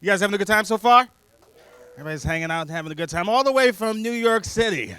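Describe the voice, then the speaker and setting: Animated high-voiced male stand-up comic. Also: quick pace, smooth. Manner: animated, jumps into loud character voices. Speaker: stand-up comedian. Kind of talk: stand-up set. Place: comedy club stage.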